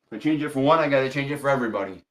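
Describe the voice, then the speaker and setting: A man with a mid-range voice hosts a tarot livestream, talking rapid-fire as he chats casually with viewers. He stays polite but strict, repeating firm instructions to his chat.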